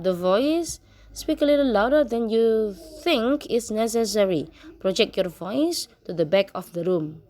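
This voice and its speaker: A woman teacher with an Indonesian accent giving a lecture, slow and halting, repeating each point in two languages. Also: lowish voice, a little mellow. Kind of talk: classroom lecture.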